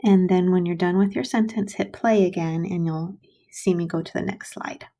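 A woman teacher giving a slow, patient recorded writing lesson to young children, spelling words out letter by letter. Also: lowish voice, steady tone, vocal fry, mellow.

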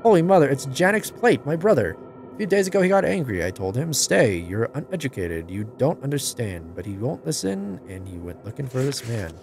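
A man's voice: mid-range voice, sing-song, fairly quick, creaky, faint music behind. A man doing a bitter old chicken lady. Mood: wary, grieving. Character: suspicious old chicken-keeping woman, fearful and bitter. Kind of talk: reading game dialogue aloud in voices.

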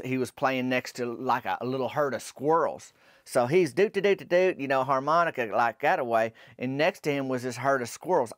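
A middle-aged man with a Southern US accent telling a rambling dream story in a deadpan, folksy way on his podcast. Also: mid-range voice, no room sound, clean studio sound. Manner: slow, rambling and drawling, with rural dialect. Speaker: podcast host.

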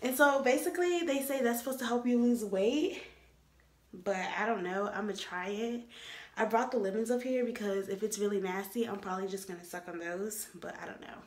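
A young woman vlogging casually to the camera, chatty and expressive, with big dramatic reactions. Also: medium pitch, fairly quick. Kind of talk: casual vlog talk to camera. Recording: echoey room.

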